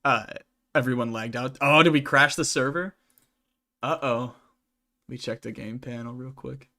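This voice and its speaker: A man's voice: mid-range voice, moderate pace, pushed and bright. Rambling, chatty young man streaming. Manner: rambling and chatty, with many restarts and "like" fillers. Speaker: streamer and channel host. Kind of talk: casual livestream Q&A while gaming.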